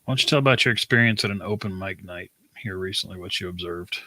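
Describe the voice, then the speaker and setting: Male podcast host from Texas, fairly low, sharp voice, dry close sound. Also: quick pace, no echo, low-quality recording. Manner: brief backchannel replies and wry asides. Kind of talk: casual chat.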